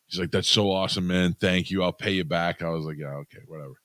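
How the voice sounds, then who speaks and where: Deep-voiced man telling a profane story. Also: steady tone, fast talker, a bit bright, no echo. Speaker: podcast co-host. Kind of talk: storytelling in casual chat.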